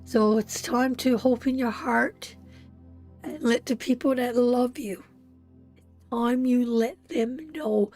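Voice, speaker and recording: A woman's voice: fairly high pitch, a little mellow. A woman giving an emotional live tarot reading, speaking tenderly and directly to her viewers. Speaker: tarot reader.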